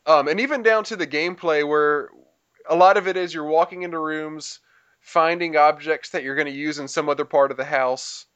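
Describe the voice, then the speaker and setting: A man with a fairly high, smooth and resonant voice talks through a game in loose, rambling casual chat, full of fillers and restarts. The recording is dull and lo-fi. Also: fairly even intonation, moderate pace, fairly bright tone. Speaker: podcast co-host reviewing a game.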